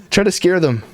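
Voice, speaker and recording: Animated, laughing male streamer coach. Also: sits high, gravelly, no echo, studio quality. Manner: coaching, rambling, laughs often. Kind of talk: casual chat.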